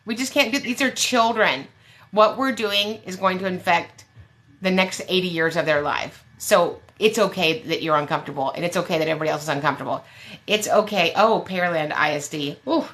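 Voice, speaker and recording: Brief: lower-pitched woman advocate, punchy and bright-toned, blunt and sassy when giving advice. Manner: emphatic, blunt and sassy, with quick jokes. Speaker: special education advocate. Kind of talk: fiery advice on a live Q&A show.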